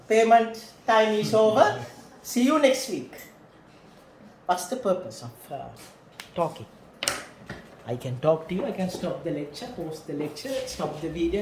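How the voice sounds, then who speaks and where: A man's voice: a little high, a little mellow, echoey room, a little hiss or hum. A man with a Sri Lankan English accent gives a classroom lecture. He repeats key phrases and keeps putting questions to his students.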